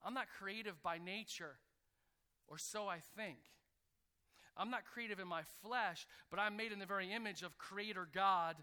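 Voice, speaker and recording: A man preaching a sermon to a church congregation, calling out for responses and building to loud, energetic peaks. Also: sits high, normal speed, clean tone. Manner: energetic preaching that swells to near shouting. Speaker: pastor. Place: church sanctuary.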